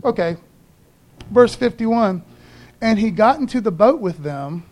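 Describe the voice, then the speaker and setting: High-voiced laid-back male preacher. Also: expressive, a little slow, darkish tone. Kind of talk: casual sermon.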